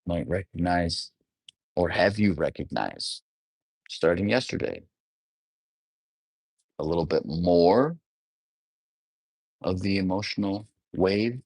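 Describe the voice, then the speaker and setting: Solo male host, very deep and unhurried, dry close sound, thinks aloud and rephrases often. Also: lively intonation, darkish tone, dry recording. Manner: musing, often rephrasing and trailing off mid-thought; asks the listener reflective questions. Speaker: astrologer. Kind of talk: unscripted solo monologue.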